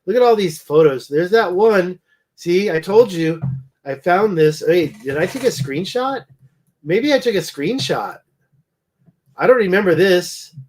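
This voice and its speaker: This man has a somewhat high voice and sounds worn out. He hosts a casual livestream and rambles, thinking aloud as he looks over pictures. He keeps wondering out loud and trailing off. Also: expressive, unhurried. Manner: rambling, thinking aloud while browsing photos. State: tired, yawning. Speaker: livestream host.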